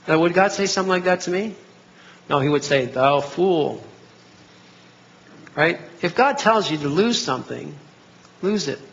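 A middle-aged man preaching a sermon, animated and acting out bits of dialogue in different voices. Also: sits high, brisk, vocal fry. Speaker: pastor. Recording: dull lo-fi recording.

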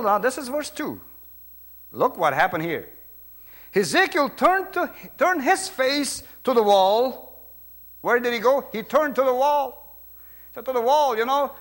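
High-pitched man preaching with a Brazilian accent. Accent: Brazilian Portuguese. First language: Portuguese. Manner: emphatic, swings between loud preaching and quiet asides. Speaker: pastor. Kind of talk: sermon.

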